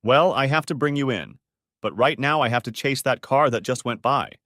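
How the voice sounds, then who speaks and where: A man's voice: medium pitch, moderate pace, fairly bright tone, no room sound, studio quality, close to an everyday voice. Man doing an easygoing police officer. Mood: relaxed. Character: friendly small-town police officer, man.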